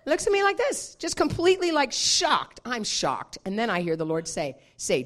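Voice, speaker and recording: A woman minister preaching a sermon, telling a personal story in an animated way and laughing often. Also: a little high, slow pace.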